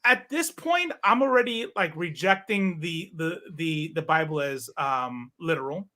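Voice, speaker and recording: A man's voice: on the high side, expressive, measured pace, pushed and bright. A man in his forties, a guest in a casual interview, telling a long personal story with many fillers and restarts. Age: 40s. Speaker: podcast guest.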